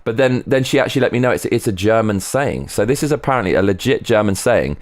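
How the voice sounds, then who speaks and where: A man's voice: on the low side, animated, quick pace, dry recording, studio quality. A man on a casual live stream, rambling between topics, swearing freely and reading viewer comments aloud.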